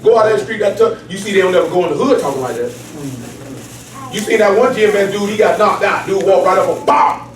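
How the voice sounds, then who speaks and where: A man teaching a Bible study in a casual, animated, streetwise way, often asking if listeners follow him. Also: high voice, fast talker, reverberant, far from the mic, crowd noise. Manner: animated, streetwise, keeps asking "you know what I'm saying". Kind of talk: casual preaching to a small group.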